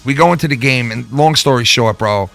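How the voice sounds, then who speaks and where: A man with a bright, forceful voice, swearing freely as he tells a story on a casual podcast. He talks in an animated, excitable way, and faint music runs underneath. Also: mid-range voice, brisk, gravelly. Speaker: podcast host.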